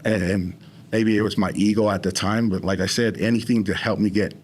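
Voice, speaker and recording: A man's voice: lowish voice, steady tone, fairly quick, slight background noise. A man speaking as a podcast guest, rambling with many restarts as he tells his story. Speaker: interview guest in recovery. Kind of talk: casual conversation.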